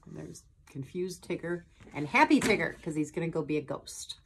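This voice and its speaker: A woman's voice: sits low, animated, moderate pace, gravelly, noisy background. A woman hosting a children's story time, reading a picture book aloud with chatty asides to young viewers. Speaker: storyteller host.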